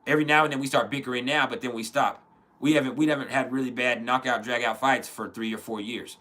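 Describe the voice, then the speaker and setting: Blunt guy in his 30s just talking it out, bright voice, swears a lot, keeps restarting sentences. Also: medium pitch, steady tone, fast. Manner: earnest, blunt, frequent profanity and restarts. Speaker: podcast host. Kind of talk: casual spoken reflection.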